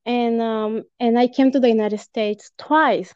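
A woman's voice: on the high side, fairly even intonation, measured pace, smooth, no echo, muffled recording. A woman from Peru, a podcast guest, telling a personal story in casual chat with lots of fillers and laughs. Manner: warm storytelling, laughs often, many fillers. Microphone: home podcast mic.

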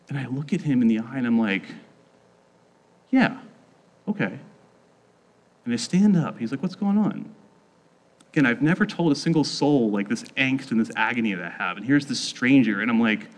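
A man recounting a personal experience in a casual, conversational way, filling his speech with "like" and acting out what people said. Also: mid-range voice. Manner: casual, heavy use of "like", acts out quoted voices. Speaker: storyteller. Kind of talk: personal testimony.

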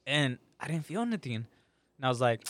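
A man's voice: mid-range voice, very animated, moderate pace. A young man in casual podcast chat, telling a story with lots of slang and swearing and acting out what people said.

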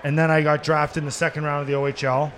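A middle-aged man from Canada, a podcast guest telling stories and acting out quotes, laughing and shouting at the punchlines. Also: a little high, flat delivery, fast. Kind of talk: animated storytelling. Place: sports bar, live taping.

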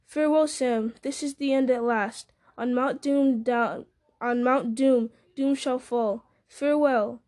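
A stern young male hero, weary but commanding, forcing out his words between gasps, as a woman reading aloud voices him. The voice sits above her everyday pitch and carries a mellow, rounded tone. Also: fairly even intonation, unhurried. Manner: commanding, gasping. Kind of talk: storybook reading.

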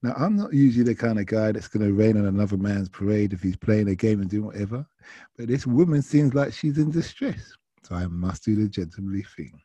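Dark husky man telling a taxi story. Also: lowish voice, fairly quick, no echo. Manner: chatty, anecdotal, quoting others. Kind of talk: casual storytelling.

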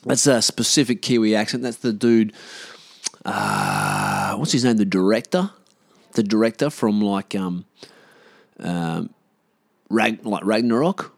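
A man's voice: on the low side, big pitch swings, takes it slowly, vocal fry, long pauses, no room sound, studio quality. A man talking loosely to camera in a casual vlog, rambling with slang and restarts. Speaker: vlogger.

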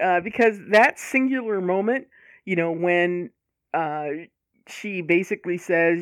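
A woman's voice: fairly low pitch, unhurried, dry recording, studio quality. A woman co-hosting a casual podcast chat, with many fillers, laughs and sighs. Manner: chatty, lots of fillers, laughing, sighing. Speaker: podcast co-host.

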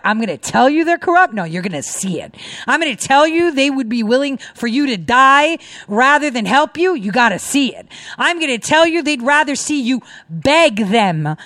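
A middle-aged woman hosting a casual commentary show, talking in an animated, emphatic way with mocking asides. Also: fairly high pitch, dry recording, studio quality. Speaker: host.

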